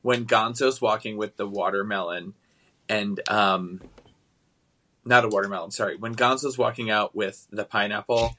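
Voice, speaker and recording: A man co-hosting a podcast, recapping a TV episode in casual, rambling chat, animated and often laughing. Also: lowish voice, normal speed. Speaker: podcast co-host.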